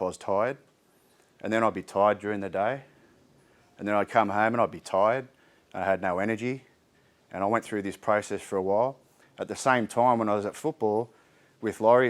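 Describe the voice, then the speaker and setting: Chatty Australian man, lowish voice. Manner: candid, chatty, frequent ums and restarts. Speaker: mental health speaker. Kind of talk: informal community talk. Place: indoor community hall.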